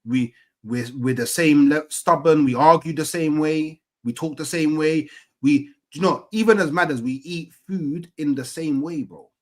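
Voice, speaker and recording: A man's voice: a little high, moderate pace. A man in casual chat, rambling and full of fillers and slang.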